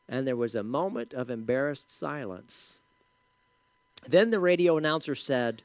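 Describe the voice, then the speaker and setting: A pastor preaching a sermon in a conversational, storytelling way with casual asides. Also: male voice, medium pitch, normal speed, clean tone, dry recording.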